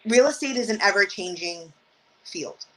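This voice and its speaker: A woman talks through her work as a real estate agent. She tells her stories in an animated way, with exasperated asides, and her pitch sits in the middle range for a woman. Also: moderate pace, low-quality recording. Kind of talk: casual interview talk.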